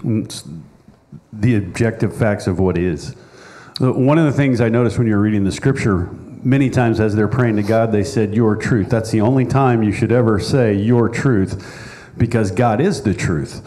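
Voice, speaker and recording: A man's voice: on the low side, moderate pace, warm tone. A man in a church Bible class, answering a question in an earnest, explaining way. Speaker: class member.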